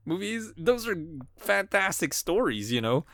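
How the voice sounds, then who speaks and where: A man's voice: high-pitched, big pitch swings, a little slow, creaky, sharp tone, no room sound, clean studio sound. A man co-hosting a film podcast in casual chat, rambling with many fillers and restarts and laughing often. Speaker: podcast co-host.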